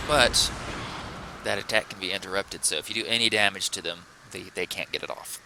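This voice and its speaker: A man's voice: low-pitched, fairly quick, gravelly, background noise. A man hosting a let's play, chatting casually through the gameplay in a rambling, self-correcting, playful way.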